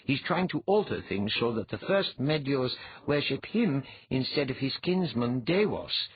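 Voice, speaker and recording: A man reading an audiobook, voicing a brisk, commanding female goddess who talks in a crisp, no-nonsense way. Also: mid-range voice, sing-song, voice pushed up. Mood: explaining. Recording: dull lo-fi.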